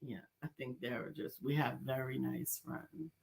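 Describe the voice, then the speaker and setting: A woman's voice: a bass voice, steady tone, measured pace, gravelly. A woman co-hosting a casual live-stream chat, playing the dry straight man who teases her partner about his jokes. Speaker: co-host.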